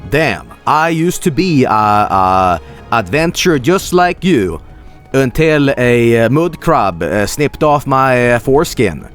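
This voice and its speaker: A man putting on the voice of a rambling fantasy town guard, talking slow and drawling. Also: medium pitch, very animated, soft background music. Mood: mocking.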